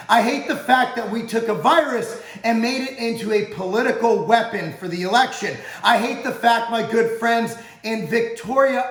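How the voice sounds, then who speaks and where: Heated, high-pitched man in an echoey room. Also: fairly bright tone. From United States. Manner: emphatic, profane, heated. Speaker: supplement company owner and channel host. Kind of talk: direct-to-camera rant.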